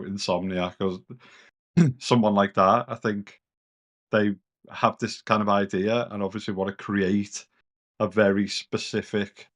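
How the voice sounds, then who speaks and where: A man's voice: fairly low pitch, a bit bright, muffled recording. A British man chatting casually as a co-host on a gaming podcast, rambling and a bit sweary. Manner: rambling, loose and sweary, lots of "kind of".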